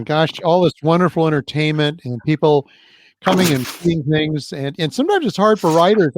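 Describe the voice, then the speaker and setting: Guy hosting the night, kinda high voice, rambly and halting, dry close sound. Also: dry recording. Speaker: event host. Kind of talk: casual event hosting.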